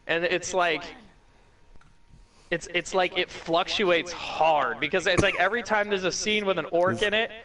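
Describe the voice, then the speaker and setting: A young man co-hosting a podcast, talking in excited, profane run-on bursts full of "like" and restarts. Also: sits high, measured pace, crowd noise, poor audio. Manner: animated, profane, talks in run-on bursts with lots of "like". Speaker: podcast co-host. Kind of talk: casual chat.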